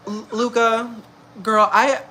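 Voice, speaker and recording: A woman's voice: on the high side, fairly even intonation, slow, bright, forceful tone, slight background noise. A young woman in her early twenties telling a messy gossip story in casual chat, slangy and laughing often. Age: young adult. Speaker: vlogger.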